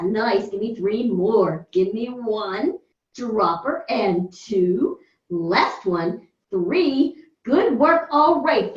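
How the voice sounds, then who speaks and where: A woman's voice: a little high, a little mellow. A woman fitness instructor leading a floor workout in a carpeted room, calling out counts and upbeat encouragement. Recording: echoey room, distant dull mic.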